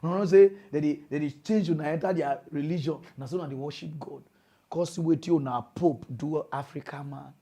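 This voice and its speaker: High-voiced ranting man, Nigerian Pidgin. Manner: animated, mocking, preachy lecturing. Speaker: comedy news host. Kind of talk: comedic rant.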